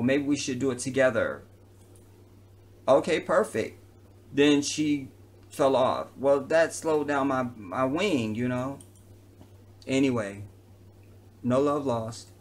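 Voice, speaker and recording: A man who works as an entertainer, telling a personal story to camera in an animated, slangy, conversational way. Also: mid-range voice.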